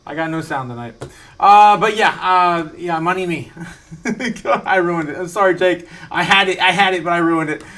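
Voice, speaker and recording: Speaking at a moderate pace in a high, bright, forceful voice, a man runs a casual home-studio live stream. He reads viewer messages aloud while rambling, laughing frequently, and using lots of fillers and restarts.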